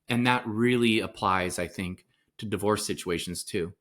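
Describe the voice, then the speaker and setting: A man's voice: on the low side, normal speed, fairly bright tone. A middle-aged man, a parenting coach and psychotherapist, talking as a podcast guest in an earnest, explanatory way and often acting out short quoted exchanges. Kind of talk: conversational podcast interview.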